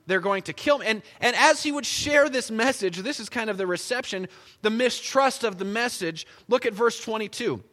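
A man preaching a sermon in a church, conversational and animated as he tells the Bible story. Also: extremely high pitch, moderate pace. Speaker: pastor. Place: church sanctuary. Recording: long church reverb.

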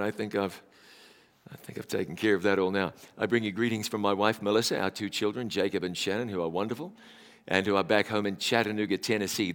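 A man's voice: on the low side, a bit bright. A man in his forties with a New Zealand accent, giving a chatty, self-deprecating sermon in a church. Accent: New Zealand, slightly Americanized. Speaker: pastor. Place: church hall. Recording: reverberant church hall.

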